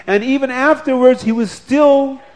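Animated high-voiced male storyteller. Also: moderate pace. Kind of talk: telling a religious story to children.

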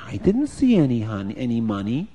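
A man's voice: medium pitch, wildly swooping pitch, fairly quick, dark tone, voice pushed down. A man voicing a sly male thief who protests his innocence in a raised, wheedling voice. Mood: protesting innocence.

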